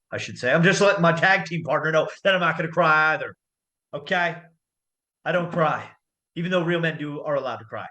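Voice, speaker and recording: A man's voice: on the high side, a bit bright. A man hosting a comedic wrestling predictions show with hammy announcer flair. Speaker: host.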